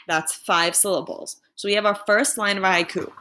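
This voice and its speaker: A woman's voice: medium pitch, steady tone, background noise. Patient woman teaching a lesson. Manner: clear, patient, slowing down to sound out words. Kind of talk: remote lesson for students.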